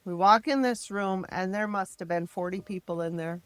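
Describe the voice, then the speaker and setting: A middle-aged mother from the American Midwest telling her family's story in an interview, emphatic and frank, turning animated when she quotes others. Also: medium pitch, normal speed, dry recording. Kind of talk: personal storytelling in a podcast interview.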